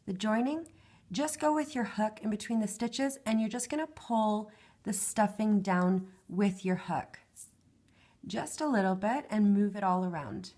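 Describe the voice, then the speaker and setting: A craft tutorial host takes viewers through a project step by step, counting each stitch out loud. Her medium-pitched, dark voice is tired and thinning, close to giving out as she loses it.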